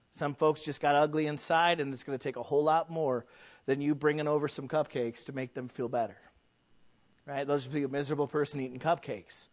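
A man's voice: a little high, dry recording. A man preaching a sermon in a folksy, conversational way, full of rhetorical questions. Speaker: pastor. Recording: dull, dry sound.

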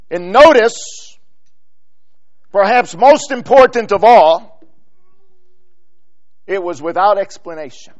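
A man preaching a sermon. He reads scripture in King James wording and swings from loud, stressed lines to hushed drops. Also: high-pitched, takes it slowly, pauses often, dull audio.

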